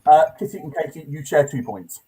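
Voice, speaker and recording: A man's voice: fairly high pitch, expressive, fairly quick, dark tone, low-quality recording. A man runs a silly comedy game show, his voice jumping up and down with a lot of life. He hesitates a lot, dropping filler sounds as he sets tasks and scores players, over a faint hiss.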